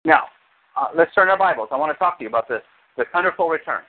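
A man preaching a sermon as pastor, animated, with sudden high exclamations. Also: quick pace. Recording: tinny phone-like sound.

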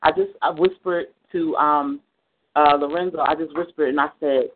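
A man's voice: a little high, fairly even intonation, normal speed. A man on a ministry call, speaking with heartfelt, emphatic praise and repeating phrases for emphasis. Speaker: family member on a ministry call. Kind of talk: heartfelt church talk. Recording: tinny phone line with faint noise.

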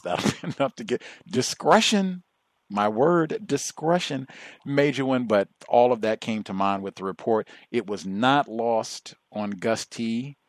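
A man hosting a call-in radio show who speaks in a measured, emphatic way and slows down to stress key words. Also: fairly low pitch, animated, dry recording.

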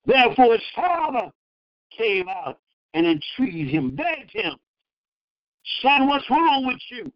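A man preaching a fervent sermon, acting out the people in the verses and breaking into loud bursts. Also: very high-pitched, sing-song, slow, pauses often, no room sound, dull audio. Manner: acts out the speakers in the verses.

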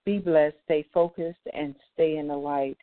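The host of an online community call gives an informal spiritual talk on scripture, halting often with fillers and restarts. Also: medium pitch, fairly even intonation, no room sound. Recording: tinny phone-line sound, dry.

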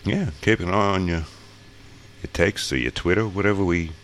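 An Australian man with an extremely low voice and a gravelly, creaky edge, co-hosting in loose casual chat. He jokes around and swears freely, heard through a remote call mic. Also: normal speed, a bit bright, a little hiss or hum. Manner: joking, loose and profane. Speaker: podcast co-host.

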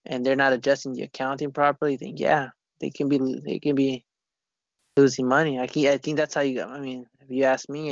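Gravelly man rambling in casual chat. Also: mid-range voice, no room sound. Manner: rambling, profane and halting with many restarts. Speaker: conversation partner. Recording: dull lo-fi recording.

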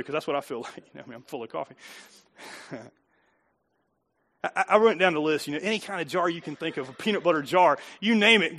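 A man's voice: high voice, bright, forceful tone. A middle-aged man preaching a sermon in a conversational way, repeating phrases and joking with the congregation. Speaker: pastor.

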